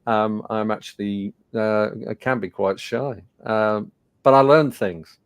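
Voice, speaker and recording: An older man from England in his sixties tells stories to a webinar audience. His voice sits low with a gravelly edge. He talks in a chatty way with plenty of fillers, and the recording is dry and close. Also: takes it slowly, dry recording. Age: 60s. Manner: conversational, animated anecdotes with fillers. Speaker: webinar presenter. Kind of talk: storytelling presentation.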